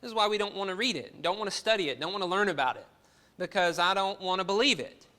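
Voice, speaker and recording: Guy preaching at church, earnest, lots of questions to the crowd, kinda high voice. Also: lively intonation, fast, pushed and bright. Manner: earnest, uses rhetorical questions. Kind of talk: sermon.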